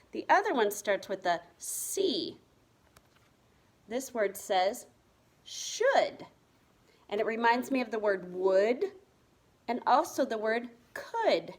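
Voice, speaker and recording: A woman teaching a reading lesson to first graders, spelling words letter by letter in a patient, encouraging way. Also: a little high. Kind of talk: remote reading lesson for young children.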